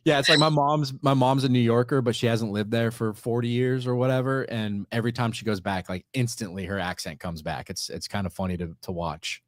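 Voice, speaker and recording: A man's voice: medium pitch, steady tone, fairly quick, hardly any pauses, dry recording. Easygoing man in his forties, dry sound. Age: 40s. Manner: easygoing, agreeable, frequent restarts. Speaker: podcast host. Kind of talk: casual podcast chat.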